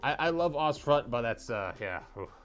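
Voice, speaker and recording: A man's voice: medium pitch, animated, moderate pace, a bit bright, faint music behind. A young man livestreaming as he paints miniatures, rambling and joking with his chat.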